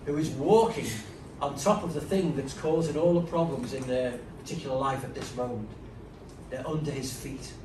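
A man's voice: a little high, distant mic, noisy background. A man preaching a sermon, conversational and emphatic, with frequent asides. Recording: roomy, from off-mic, faint ambience.

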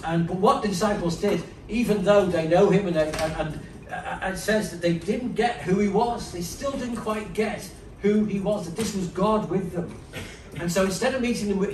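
A man's voice: high-pitched, a little mellow, recorded from a distance, a little hiss or hum. Man preaching conversationally in a roomy hall. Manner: conversational, emphatic, with frequent asides. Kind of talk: sermon. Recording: roomy, from off-mic, faint ambience.

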